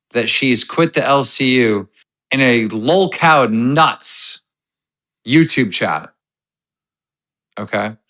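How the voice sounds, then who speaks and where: Slow, bright-voiced man recapping drama. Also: medium pitch, poor audio. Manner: slow, emphatic storytelling with checking asides. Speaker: show host.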